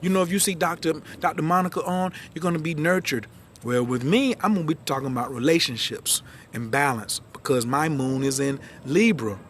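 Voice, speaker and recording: Fast-talking animated male coach. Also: fairly high pitch, a little hiss or hum. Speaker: astrology and branding coach. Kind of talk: live-stream talk to viewers. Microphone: phone livestream.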